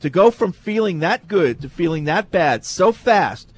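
A man's voice: sits high, big pitch swings, measured pace, husky. A man hosting a casual sports talk show, reading listener emails aloud and steering the talk.

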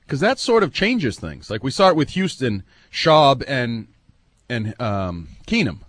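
Sports radio co-host, male, animated storyteller, dry close mic. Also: mid-range voice, a little slow, no room sound. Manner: animated storyteller who mimics others, laughs easily. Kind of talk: casual sports radio banter.

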